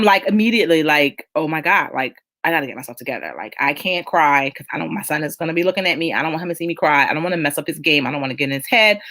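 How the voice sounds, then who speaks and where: A woman's voice: low-pitched, pushed and bright. A middle-aged woman hosting a casual live chat, talking emphatically and reading out viewer comments. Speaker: host of a live chat show.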